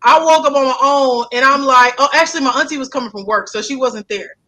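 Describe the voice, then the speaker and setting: Young kc woman, high voice, lively storytelling, keeps saying okay. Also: fast, low-quality recording. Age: young adult. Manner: animated, repeats herself, fills with "okay?". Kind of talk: casual storytelling.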